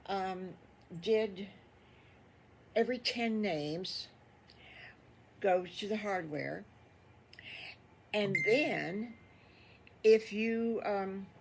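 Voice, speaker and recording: A woman's voice: mid-range voice, very slow, vocal fry, pauses often, slight background noise. An older woman voicing a chatty, rambling older male hardware store owner in a children's story. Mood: eager.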